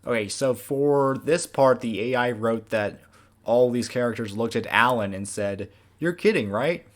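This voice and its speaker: A man, the creator of an animated series, giving a casual, rambling director's commentary with many fillers. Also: mid-range voice, a little slow.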